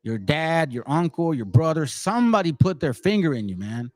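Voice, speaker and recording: A man's voice: on the high side, big pitch swings, moderate pace, a little mellow, dry recording. A man in his forties ranting as channel host, confrontational and slangy. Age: 40s. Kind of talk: heated rant to a commenter.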